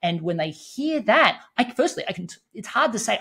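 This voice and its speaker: Animated husky-voiced man coaching on business. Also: sits high, moderate pace. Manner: lively, acts out quoted dialogue in different tones. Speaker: podcast guest, business growth coach. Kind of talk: animated interview explanation.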